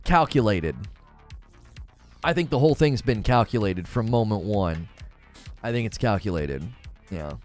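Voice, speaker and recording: Animated opinionated male stream host. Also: unhurried, pauses often, faint music behind. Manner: animated, opinionated, thinks aloud; briefly mimics cartoon voices in a high falsetto. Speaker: gaming news host reading live chat. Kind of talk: casual livestream commentary.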